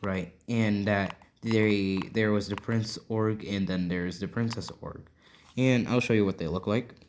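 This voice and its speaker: Slow, rambling male storyteller. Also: fairly low pitch, steady tone, a little hiss or hum. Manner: rambling, constantly checking in with "right?". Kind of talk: improvised fan-fiction storytelling.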